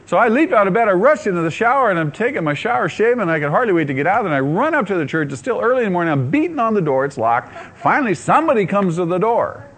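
Animated man preaching a personal testimony. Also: high-pitched, quick pace, few pauses, slightly rough. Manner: animated, acts out his own inner voices; laughs often while telling. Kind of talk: sermon testimony storytelling.

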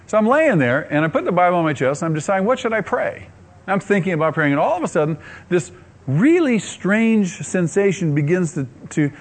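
A man preaching, telling his own story with animated delivery, acting out his inner dialogue and laughing often. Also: sits high. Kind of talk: sermon testimony storytelling.

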